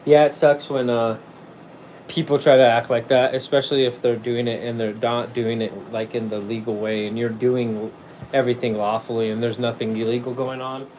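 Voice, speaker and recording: A man's voice: mid-range voice, level tone, moderate pace, darkish tone, slight background noise, rough recording. Rambling, cursing man on a livestream. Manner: rambling, profane, laughs often. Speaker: livestream host. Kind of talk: casual livestream chat.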